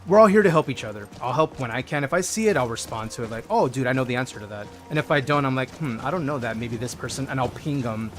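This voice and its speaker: A man's voice: mid-range voice, expressive, fast talker, hardly any pauses. A man streaming a modded game, chatting casually with viewers and reading their chat messages aloud.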